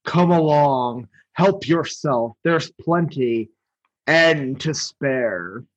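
A man playing a huge, sly cartoon dragon who draws every word out slowly. The voice sits a little lower than his own, husky and menacing, without a growl. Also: animated, muffled recording, exaggerated voice. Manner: deep and drawn-out, without a growl.

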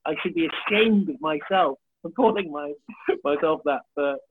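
A man's voice: fairly high pitch, moderate pace. A man in his thirties, a comedian chatting as a podcast guest, joking about himself and swearing freely. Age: 30s. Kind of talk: casual chat. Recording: tinny phone-like line with faint hiss.

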